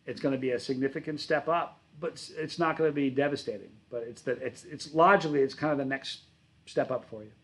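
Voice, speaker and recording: A man hosting a relaxed livestream, answering his viewers' chat in a loose, rambling way. His voice sits at an ordinary middle pitch. He often stops and corrects himself mid-sentence. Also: quick pace, low-quality recording. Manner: rambling, self-correcting, friendly. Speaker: channel host reading live chat.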